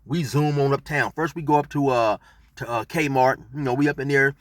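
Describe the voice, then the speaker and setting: A man's voice: mid-range voice, steady tone, normal speed, fairly bright tone, dry recording. A middle-aged man telling a street story in laid-back slang, rambling with fillers as he goes. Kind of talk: casual storytelling.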